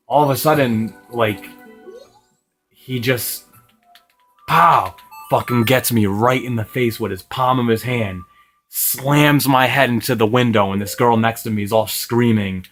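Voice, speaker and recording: A man's voice: mid-range voice, a bit bright. Young man telling a profane story. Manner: profane, rambling, laughs often. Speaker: gaming video host. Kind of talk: casual storytelling while playing.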